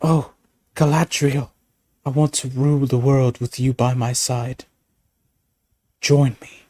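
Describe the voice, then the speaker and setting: A man mocking a petulant dark lord. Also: medium pitch, steady tone, takes it slowly, no echo, studio quality. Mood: grandiose. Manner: mocking, exaggerated dramatic delivery. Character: grandiose male dark lord, petulant when refused.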